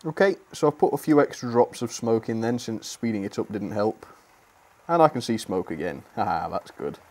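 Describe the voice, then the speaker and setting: A man's voice: fairly low pitch, animated, normal speed, a little mellow. A young British man giving a chatty, blunt review of a model train on his video channel, laughing now and then.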